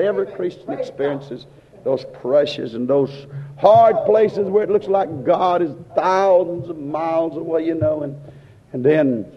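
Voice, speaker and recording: A male preacher delivering an impassioned, repetitive sermon that swings between hushed and loud. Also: fairly high pitch. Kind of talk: fervent sermon. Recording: lo-fi recording in a reverberant hall.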